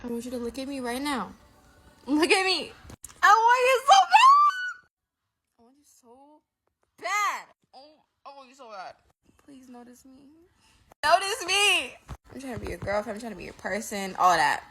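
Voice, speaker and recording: A woman's voice: a little high, big pitch swings, normal speed, pushed and bright, pitched above the performer's own voice, heavily acted. A woman playing a lovesick, jealous teenage girl who swings from pleading to cursing.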